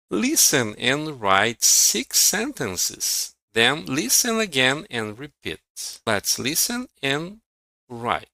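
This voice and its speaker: Slow Brazilian-accented male English teacher. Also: mid-range voice, wildly swooping pitch, creaky, sharp tone, no room sound, rough recording. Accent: Brazilian Portuguese. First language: Portuguese. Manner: slow, deliberate, repeats words for drilling. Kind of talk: online pronunciation lesson.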